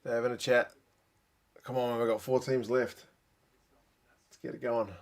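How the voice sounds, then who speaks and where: A man's voice: medium pitch, level tone, moderate pace, creaky. A man giving live reaction commentary, thinking aloud with gasps and exclamations, tired late at night. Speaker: rugby channel host.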